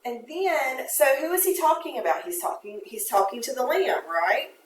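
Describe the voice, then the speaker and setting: A woman's voice: high voice, expressive, moderate pace. A woman teaching a poetry lesson, explaining step by step and reading verse aloud in a classroom. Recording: echoey room from a distance, faint noise.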